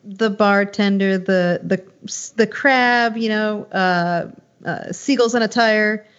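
A woman's voice: medium pitch, takes it slowly, clear, resonant tone, muffled recording. A woman co-hosting a film review podcast in casual chat, opinionated but hesitant, often restarting her sentences.

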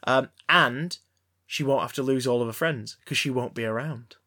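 A man's voice: medium pitch, normal speed. Rambling man on a podcast. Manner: rambling, stammering restarts, deadpan jokes. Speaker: podcast co-host. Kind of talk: casual banter about films.

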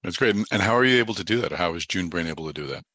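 A man's voice: low-pitched, lively intonation, rapid-fire, bright, forceful tone, no echo. A man hosting a podcast, loose and jokey as he moves between guests and segments. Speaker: podcast host.

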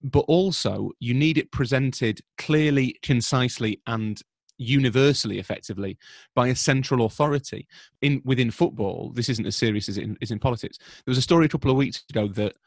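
A man from Britain, a football journalist, talking through the news on a podcast in a measured, analytical way with frequent restarts. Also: medium pitch, vocal fry, dry recording, clean studio sound. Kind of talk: conversational podcast commentary.

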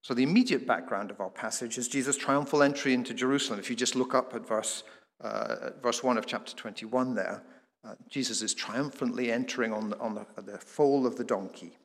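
A man's voice: mid-range voice, fairly quick. Man preaching in a reverberant hall. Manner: explanatory, rhetorical questions, some restarts. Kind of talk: sermon.

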